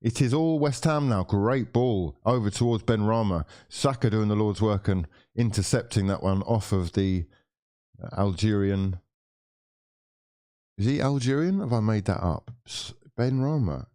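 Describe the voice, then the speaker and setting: His voice is warm, unhurried and on the low side, but the young man hosting this live football watchalong is exasperated, firing constant swearing at players and referees.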